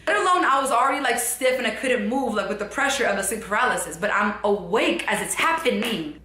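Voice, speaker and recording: A young woman telling a personal story in casual, rambling style, full of fillers, dropping to a hush and then rising again. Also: on the high side, brisk, roomy sound. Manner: rambling, filler-heavy, shifts from hushed to animated. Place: her apartment.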